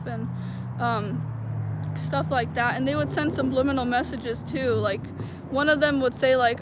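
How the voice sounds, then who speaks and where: A woman with a high voice tells her story in a loose, rambling way, with "like" in nearly every phrase. She talks straight to her viewers. The recording is full of street traffic and city noise. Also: fairly even intonation, normal speed. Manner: rambling, heavy use of "like" fillers. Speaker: vlogger. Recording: noisy outdoor street recording.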